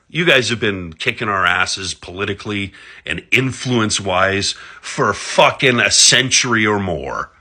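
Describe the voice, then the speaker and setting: A man from Alberta, ranting about politics in a sarcastic monologue full of swearing. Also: bright, forceful tone. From Alberta, Canada. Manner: sarcastic, heavy swearing, big pitch swings. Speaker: political commentator.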